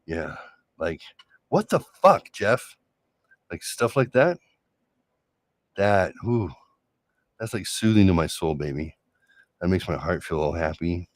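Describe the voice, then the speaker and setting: A deep-voiced man talks straight into the mic in a dry, dead room, spinning a loose personal story. His delivery is sarcastic and conversational, full of restarts and asides. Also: measured pace, long pauses, a little mellow, no room sound. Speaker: solo show host. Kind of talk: casual monologue.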